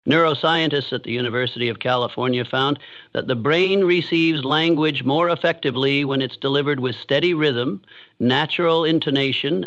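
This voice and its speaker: Man, scripted motivational narration, measured and deliberate, higher-pitched, dull lo-fi recording. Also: fairly bright tone. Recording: dull lo-fi sound.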